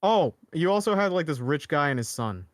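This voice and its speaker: A man's voice: a little high, very animated, brisk, no echo, studio quality. A young man chatting casually as co-host, rambling with lots of fillers and restarts. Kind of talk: casual chat.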